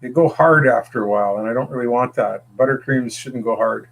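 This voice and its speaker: A man's voice: mid-range voice, gravelly, a bit bright, rough recording. A man talking casually in a hesitant way, often stopping with fillers. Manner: hesitant, halting. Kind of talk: casual chat.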